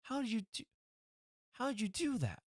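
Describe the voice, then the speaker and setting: In a comedy sketch, a man voices a flustered police officer sputtering baffled questions at a magician. It's a full character voice, very high-pitched and sing-song, pitched above his own, at normal speed. The recording is studio quality with no room sound.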